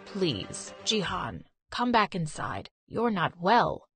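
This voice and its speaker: A woman voicing a rich older man posing as a father, speaking slowly and gently to coax. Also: on the low side, sing-song, soft background music, pitched below the performer's own voice, full character voice.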